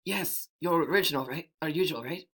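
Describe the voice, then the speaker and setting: An amateur storyteller putting on the voice of a nervous older male bartender who speaks softly and hesitantly, apologizing. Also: medium pitch, a little fast, husky. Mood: apologetic.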